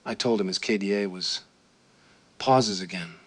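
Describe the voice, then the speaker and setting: A man voicing an awkward gamer who tells a deadpan story and reads pauses aloud. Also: low voice.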